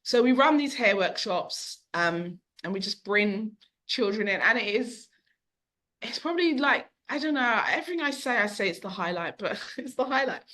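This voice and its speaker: A middle-aged woman who owns a bookshop, speaking as a podcast guest and telling long, animated stories. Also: on the high side, moderate pace. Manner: animated, long-winded storyteller who acts out quotes. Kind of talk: conversational storytelling.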